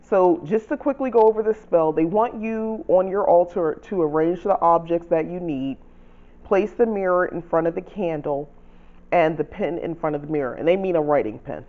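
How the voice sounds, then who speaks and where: A man hosting his own channel, casually walking viewers through rewriting a spell, chatty and self-correcting, reading spell lines out slowly. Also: on the high side, muffled recording. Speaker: channel host teaching spell writing. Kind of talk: casual how-to explanation.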